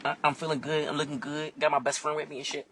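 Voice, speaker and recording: Husky, bright-voiced man telling stories. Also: on the high side, fast. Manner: animated and profane, acts out other people's voices. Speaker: vlogger. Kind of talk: candid storytelling monologue. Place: inside a car.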